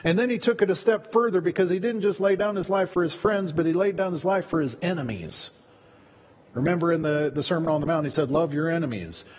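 A pastor preaches a sermon in a church sanctuary, his high, brisk, slightly mellow voice carrying a breathy edge. He talks conversationally and often repeats words along the way. The recording has long church reverb.

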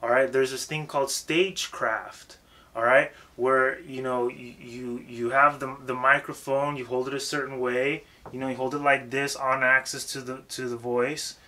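A man's voice: medium pitch, level tone, normal speed, bright, forceful tone. A man giving a casual, emphatic lesson on rapping and stage presence, swearing freely and repeating himself for emphasis. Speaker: rap coach.

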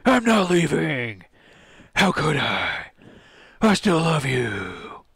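A steadfast young swordsman, read by a man, speaks quietly but firmly. The dry, close voice has a lively rise and fall. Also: fairly high pitch, slow, vocal fry, breathy edge, no echo, pitched above the performer's own voice, heavily acted. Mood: tender.

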